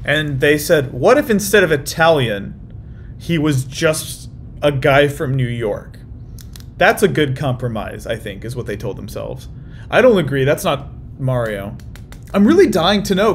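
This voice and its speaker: A man's voice: fairly high pitch, slight background noise. Rambling, wry young man chatting in a hotel room. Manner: rambling and wry, with lots of restarts. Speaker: YouTube reaction host. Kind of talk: casual chat.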